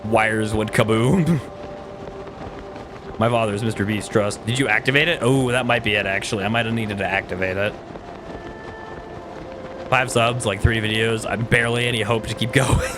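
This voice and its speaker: A man's voice: fairly low pitch, fairly even intonation, moderate pace, long pauses, background noise. A young man live-streaming a video game, chatting casually with his viewers and chuckling often as he jokes around. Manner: joking, chuckles often, talks to chat. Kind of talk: casual live-stream chat while playing. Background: game music.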